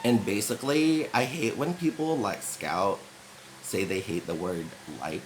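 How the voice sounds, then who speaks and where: A man's voice: on the low side, a little slow, slight background noise, rough recording. A young American man telling a rambling comic story in casual chat, full of "like" fillers and laughs.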